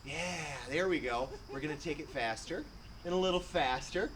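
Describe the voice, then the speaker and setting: A man's voice: a little high, normal speed, fairly bright tone, a little hiss or hum. A man performing improvised comedy, playful and giggly, at times in a mock-instructor tone.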